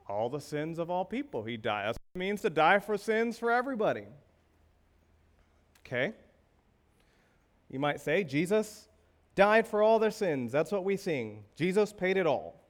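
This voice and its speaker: A man's voice: high voice, fairly bright tone. A male pastor preaching a sermon, asking the congregation rhetorical questions with emphasis.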